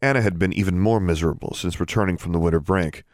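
A man reading an audiobook in steady, measured narration. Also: low-pitched, no echo, studio quality. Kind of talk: scripted narration.

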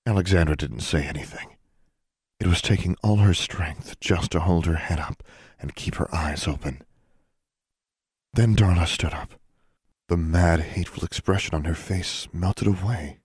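In this audiobook narration, a man reads fantasy in a deep, husky voice, steady and unhurried in his measured pacing. The recording is close and dry, free of any echo or surrounding room sound.

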